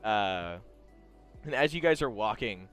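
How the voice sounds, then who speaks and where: A man's voice: lowish voice, expressive, unhurried, fairly bright tone, soft background music. A young man narrating casually as game master, loose and rambling with frequent laughs.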